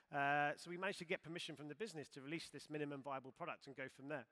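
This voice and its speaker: Guy giving a talk on stage, fast, bright voice, lots of ums. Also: on the high side, steady tone. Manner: brisk and conversational, with frequent fillers. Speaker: conference speaker. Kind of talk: conference talk. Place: conference stage.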